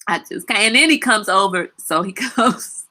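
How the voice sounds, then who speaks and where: Woman livestream host, bright forceful tone, blunt and animated, quick to laugh. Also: medium pitch. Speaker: livestream talk show host; mother. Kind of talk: casual livestream chat.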